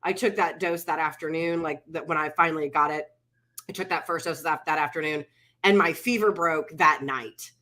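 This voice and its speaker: A woman's voice: deep voice, moderate pace, bright, forceful tone. A middle-aged woman co-hosting a casual chat show, telling a story with animation and acting out what people said. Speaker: podcast co-host.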